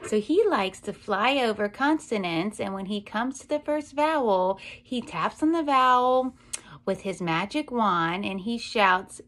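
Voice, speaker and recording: A woman teaching young children to read, speaking slowly and with care. She uses a sing-song storytelling voice and stretches each letter sound so small listeners can follow. Her pitch sits in a middle range for a woman. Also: animated, a bit bright. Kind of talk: phonics lesson for young children.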